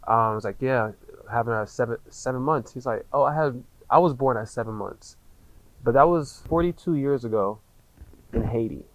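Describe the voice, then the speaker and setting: A man in his thirties, a podcast guest, telling a personal story candidly, in casual slang with frequent swearing and halting restarts. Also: mid-range voice, low-quality recording.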